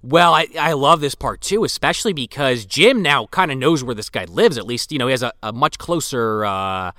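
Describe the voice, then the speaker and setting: Bright, smooth-voiced man recapping a film. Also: medium pitch, normal speed, no echo, clean studio sound. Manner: profane, animated retelling with acted quotes. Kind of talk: casual film discussion.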